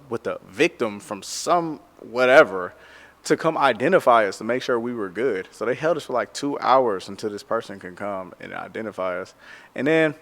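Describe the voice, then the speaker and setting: A tattoo artist tells a story in a loose, casual way, packed with slang and constant "like"s. His voice sits at an ordinary middle pitch for a man. The sound trails into a long, reverberant room echo. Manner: animated, slangy, lots of "like".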